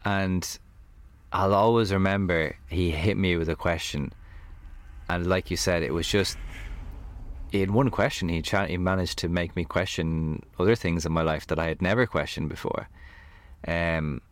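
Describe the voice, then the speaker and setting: Deep-voiced man telling stories. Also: normal speed. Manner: animated storyteller, heavy on "like". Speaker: podcast guest. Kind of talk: casual conversation. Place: camper van.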